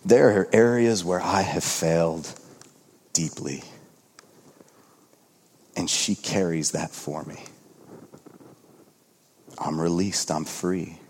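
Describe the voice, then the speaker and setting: A man in his thirties preaching a conversational sermon as a pastor, earnest, swinging between hushed and excited. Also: low-pitched, slow, long pauses, long reverb tail, slight background noise.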